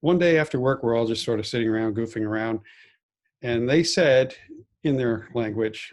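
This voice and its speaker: A man co-hosting a film festival podcast, telling relaxed personal anecdotes in casual chat. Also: mid-range voice, normal speed. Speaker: podcast co-host.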